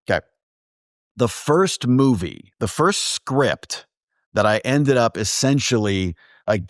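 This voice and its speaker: A man's voice: fairly low pitch, dry recording, clean studio sound. A man, a film producer, telling casual stories in an interview and acting out quoted dialogue. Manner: animated anecdotes with quoted dialogue.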